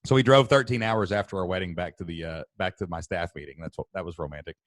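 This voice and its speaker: A chatty man in his thirties spins a long story as co-host, his voice jumping up and down as he gets excited. The sound is close and dry. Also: low voice, fast talker, no room sound. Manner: animated, talkative storyteller. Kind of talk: casual storytelling chat.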